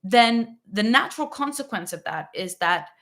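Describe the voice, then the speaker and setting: Answering a viewer's question on her parenting channel, a woman speaks at normal speed in an animated, medium-pitched voice that's a bit bright. She keeps it casual and emphatic, frequently tossing in "right?" and "okay," and voices the parents she quotes in little impressions.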